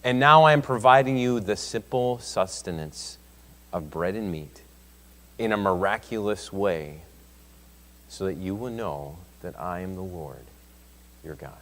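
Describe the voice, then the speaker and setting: A man's voice: low voice, measured pace, fairly bright tone, long reverb tail. A man teaching a Sunday school class, talking conversationally and reading scripture aloud with rising emphasis. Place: church classroom.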